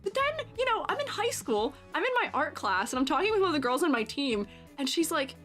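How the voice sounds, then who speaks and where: Young woman, high voice, very bright, rambling animated streamer story, laughs a lot, faint background music. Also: fairly quick.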